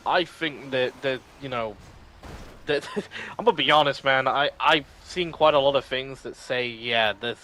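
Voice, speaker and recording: A man's voice: mid-range voice, unhurried, sharp tone, slight background noise, low-quality recording. A man on a gaming stream, eagerly arguing lore points, swearing casually and laughing as he talks. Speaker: co-player on stream.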